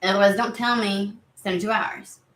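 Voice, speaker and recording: A woman's voice: medium pitch, steady tone, a little fast, a bit bright, echoey room. A woman giving a casual tarot reading to camera, chatty and rambling, easily sidetracked. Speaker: tarot reader.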